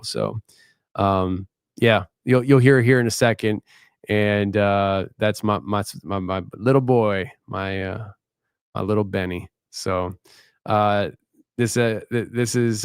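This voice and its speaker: A man's voice: fairly low pitch, clean tone, no room sound, clean studio sound. Tired, rambling male podcast host. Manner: rambling, halting, candid. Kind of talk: late-night live show sign-off.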